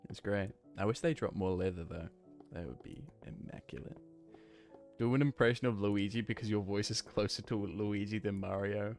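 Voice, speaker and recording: Speaking at a moderate pace in a fairly low, slightly mellow voice, this Kiwi streamer has faint music behind him. He rambles playfully with lots of fillers, thinking aloud in a casual chat as he games and reads messages.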